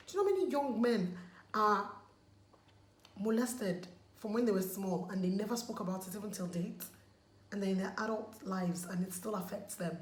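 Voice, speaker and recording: A woman's voice: medium pitch, animated, moderate pace. Emphatic woman vlogging in an echoey room. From Nigeria. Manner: emphatic, pleading, repeats words for stress. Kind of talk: casual chat while removing makeup. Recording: echoey room, faint background noise.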